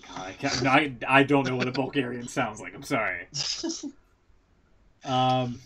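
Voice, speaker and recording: A man's voice: medium pitch, normal speed, crowd noise. A man co-hosting a podcast in casual chat, rambling through results with jokes and laughs at his own bits. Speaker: podcast co-host.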